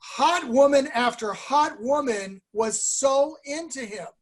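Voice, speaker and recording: A man, a comedian, recounting a road story in casual podcast chat with quick, halting phrasing. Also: very high voice, animated.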